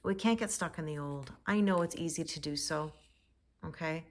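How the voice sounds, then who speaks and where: Soft-spoken woman reading tarot. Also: low-pitched, moderate pace. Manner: reflective, soft-spoken, laughs often. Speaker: tarot reader. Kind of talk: casual spiritual forecast.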